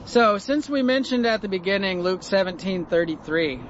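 A man with a high voice giving a loose, conversational Bible lesson, often asking the listener rhetorical questions. The audio is dull and lo-fi, with a faint hum of cars and street noise behind him. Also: lively intonation, moderate pace. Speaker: Bible teacher. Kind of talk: informal Bible study talk.

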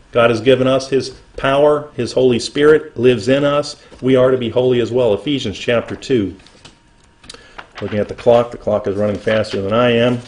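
A man's voice: mid-range voice, a little mellow. Man preaching a sermon. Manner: earnest preaching, reading scripture slowly and rising in emphasis. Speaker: pastor.

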